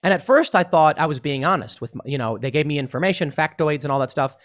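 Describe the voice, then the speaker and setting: A podcast host delivering a political commentary monologue, talking emphatically and repeating himself. He restarts his sentences often. His voice sits a bit higher than most men's. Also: animated, quick pace.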